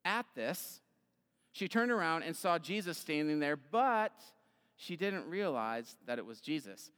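A man's voice: on the high side, expressive, a little slow, a bit bright, smooth. A man preaching an Easter sermon as pastor, retelling scripture in a casual, conversational way with fillers. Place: church sanctuary. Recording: long hall reverb.

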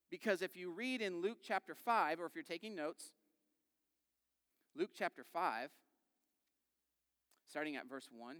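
A man in his thirties gives a sermon in a chatty, storytelling manner, slipping into little quoted voices. His voice sits fairly high and comes through smooth and resonant. The sound rings with the long reverb of a big hall. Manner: conversational, animated storytelling with quick quoted voices. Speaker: pastor.

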